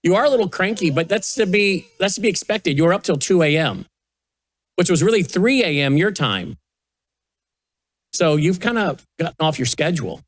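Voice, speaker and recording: Older man coaxing a toddler, lively. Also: sits high, moderate pace, no echo, studio quality. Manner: soft coaxing baby talk. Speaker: host. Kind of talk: casual chat with a toddler on air. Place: broadcast studio at a news desk.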